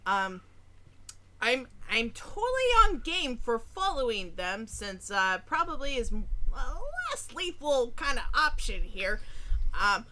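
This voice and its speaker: A woman's voice: high-pitched, sharp tone, full character voice, rough recording. A woman voicing a nervous, chattering male goblin sentry who stammers and rambles.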